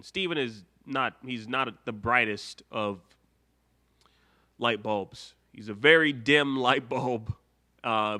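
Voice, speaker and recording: A man's voice: mid-range voice, pushed and bright. A young man hosting a live show, rambling casually, reading viewer comments aloud and laughing often. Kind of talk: casual live stream chat.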